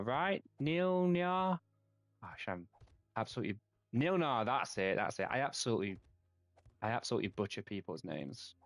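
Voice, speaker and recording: A man with a Yorkshire accent chatting casually with viewers while streaming a game, friendly and quick to laugh, stumbling over names. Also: mid-range voice, big pitch swings, no room sound.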